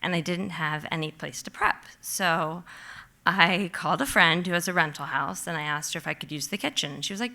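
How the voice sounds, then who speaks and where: A woman tells a true story live on stage in a bright, clear voice. She talks in an animated rush, full of "like", and throws herself into the moments she relives. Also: on the low side, a little fast. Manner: animated, vivid, heavy use of "like"; acts out her own past panic in quotes.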